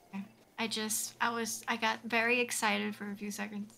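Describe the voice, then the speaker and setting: A woman's voice: a little high, level tone, moderate pace, vocal fry, loud music behind the voice. A woman streamer chatting casually while she plays, giggly and rambling, full of "like" fillers. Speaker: game streamer. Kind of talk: casual live-stream chat while playing.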